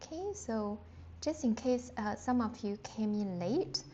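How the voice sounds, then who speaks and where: A woman who speaks natively teaching a live online beginner lesson, chatty and full of fillers, slowly sounding out Chinese words with exaggerated tones. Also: fairly high pitch, animated, warm tone. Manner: chatty, loose, with many fillers and self-restarts. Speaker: Mandarin teacher. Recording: dull lo-fi stream audio with faint background noise.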